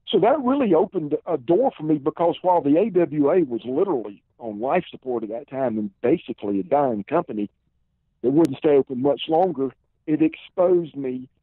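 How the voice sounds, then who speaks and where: A man in his fifties with a Southern accent, telling long stories in a relaxed way as a podcast guest, heard over a tinny phone line. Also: mid-range voice, breathy edge, no echo. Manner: relaxed storyteller, many "uh" and "and" fillers. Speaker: podcast guest, former pro wrestler. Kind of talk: casual storytelling interview.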